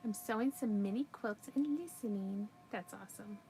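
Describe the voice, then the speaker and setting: Woman, relaxed crafter chatting to her live viewers mid-project, mid-pitched, light noise behind. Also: normal speed. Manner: relaxed, chatty, talking to viewers while working. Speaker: livestream crafter. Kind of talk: casual livestream chat while crocheting.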